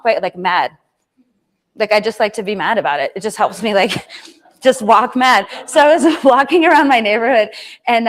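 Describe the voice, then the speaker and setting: A woman giving a keynote talk, telling a personal story in an animated way, acting out her own lines and often adding "right?" and "like". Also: a little high. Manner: frequent tag "right?" and "like" fillers. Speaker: professional speaker.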